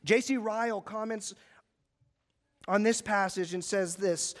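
A man preaching a sermon, dramatically acting out the high priest's questions. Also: steady tone, measured pace, long pauses. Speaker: pastor.

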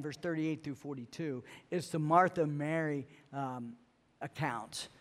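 A middle-aged man delivers a sermon from the pulpit, his voice sitting a little higher than most men's. He speaks earnestly and stumbles into repeated words as he presses toward each point. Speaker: pastor.

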